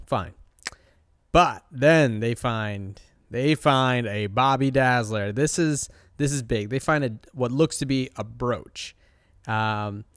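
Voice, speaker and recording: A man recapping a show in a loose, rambling chat, full of "uh" and "um". His pitch sits in the middle for a man. The sound is close and dry, with no room echo. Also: clear, resonant tone. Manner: chatty, rambling, with many fillers. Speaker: host. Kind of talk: casual episode recap.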